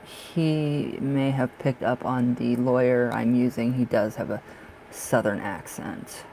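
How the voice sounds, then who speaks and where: A man's voice: medium pitch, steady tone, slow, a little mellow, a little hiss or hum, poor audio. A man from the northern United States giving live-stream tarot readings in a chatty way, laughing often and repeating himself. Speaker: tarot reader.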